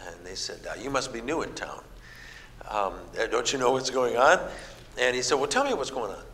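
A medium-pitched middle-aged man, speaking fairly quickly, preaches with a Midwestern American background. He tells down-home stories and brings the quoted figures to life with lively voices, in a reverberant hall with faint noise.

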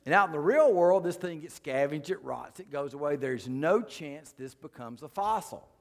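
A man lectures a live audience from slides in a folksy, joking way, landing his punchlines dry. His voice sits a little high for a man. The sound carries a long reverb from a big hall. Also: lively intonation, moderate pace. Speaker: creation science speaker.

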